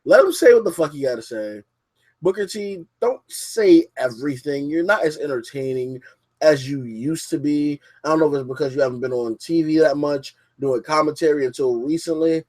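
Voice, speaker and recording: A man's voice: a little high, normal speed, a little mellow. A young man hosting a casual podcast from his basement, rambling and cursing freely as he reviews wrestling and mocks a viewer who left. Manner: profane, rambling, mocking. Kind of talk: casual livestream podcast rant. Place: home basement.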